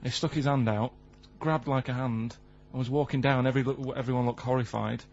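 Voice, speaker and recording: A man with a Manchester accent, deadpan and rambling as he tells odd stories in studio banter. The recording is dull and lo-fi, with a faint hum underneath. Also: medium pitch, brisk. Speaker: radio show regular. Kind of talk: radio comedy banter. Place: radio studio.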